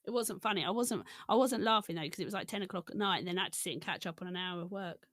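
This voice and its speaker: A woman's voice: lowish voice, rapid-fire, a bit bright, no room sound, studio quality. A woman on a podcast, teasing her partner and telling stories with exasperation in casual chat.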